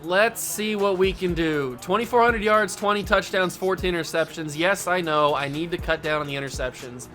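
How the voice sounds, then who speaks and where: A bright, high-voiced man calling his own football video game as it plays. He is animated and jokey, and he breaks into mock outrage, with faint music behind him. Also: moderate pace, hardly any pauses. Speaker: gaming YouTuber host. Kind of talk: live gameplay commentary.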